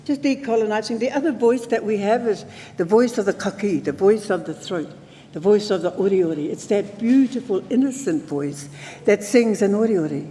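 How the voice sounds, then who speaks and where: A woman's voice: medium pitch, moderate pace, mellow, slight background noise. A woman with a New Zealand accent, speaking at a conference in a playful, engaging way and calling out to the audience. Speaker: conference speaker teaching traditional singing. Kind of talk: spoken talk with sung demonstrations. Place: conference hall. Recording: long hall reverb, faint ambience.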